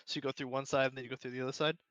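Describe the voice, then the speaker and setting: A young man telling a childhood story in casual chat, animated, acting out his own past thoughts. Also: mid-range voice, very fast, clear, resonant tone, dry recording, muffled recording. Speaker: podcast co-host.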